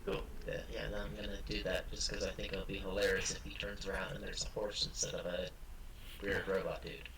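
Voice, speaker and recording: Playful low-voiced man at a game table. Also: flat delivery, a little fast, a bit bright, a little hiss or hum. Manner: playful, joking. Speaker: player. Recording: echoey room.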